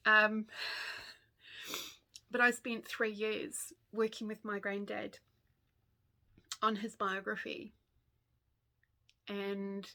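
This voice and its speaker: A woman's voice: mid-range voice, little pitch movement, very slow, long pauses, pushed and bright. A grandmother in her fifties with a New Zealand accent, chatting casually to camera about her stitching, going off on tangents and laughing often. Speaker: stitching vlogger.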